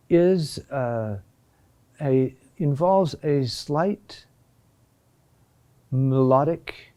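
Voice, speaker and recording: A man teaching a class on Gregorian chant, speaking in a halting way with many pauses and restarts. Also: a little high, mellow. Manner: slow, halting delivery with many fillers and restarts. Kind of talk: classroom lecture.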